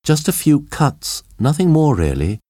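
A man voicing a young woman reporter who survived a crash, speaking quickly and alertly in a storybook reading. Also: a little high, big pitch swings, dark tone, no echo, clean studio sound, voice pushed up.

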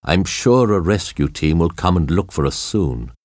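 A man's voice: sits low, expressive, normal speed, a little mellow, no room sound, studio quality. A man voicing an injured crash survivor who takes charge, speaking firmly and urgently in a storybook reading. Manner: firm, urgent. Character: steady injured male crash survivor leader.

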